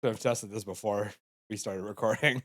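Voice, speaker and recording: A man's voice: on the low side, steady tone, normal speed, a bit bright. A man co-hosting a casual podcast, playful and laughing often as he asks his co-host questions. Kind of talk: casual chat.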